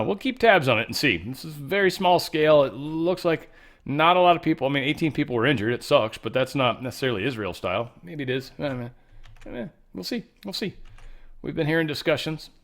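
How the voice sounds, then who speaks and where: A man's voice: mid-range voice, fairly bright tone. A male host rambles through the news in a casual, ranting manner, swearing freely as he goes. His voice sits in an ordinary middle range and he keeps drifting off on tangents.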